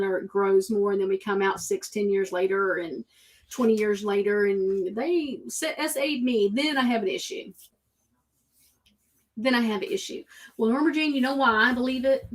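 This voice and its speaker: A woman hosting a show, talking casually and emphatically, often repeating herself for effect. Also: medium pitch. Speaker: host. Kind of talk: casual opinion talk.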